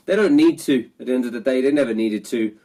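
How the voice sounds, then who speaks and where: This is a man in the middle of a post-match fan vlog rant, his voice nasal and congested from illness. He circles back to the same points, and the frustration never quite leaves his voice. His pitch stays average for a man. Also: quick pace, mellow. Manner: frustrated, repetitive. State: ill, nasal voice. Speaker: football fan vlogger.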